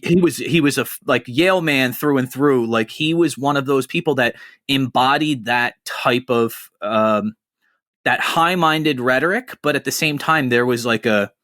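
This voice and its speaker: Animated, foul-mouthed podcast host man. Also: medium pitch, a little slow, no echo, studio quality. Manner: animated, profane storyteller. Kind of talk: casual chat.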